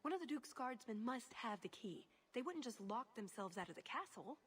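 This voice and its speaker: A woman's voice: fairly high pitch, expressive, normal speed, breathy edge. An actress playing a practical female rogue in a video game, with a dry, matter-of-fact delivery. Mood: wry.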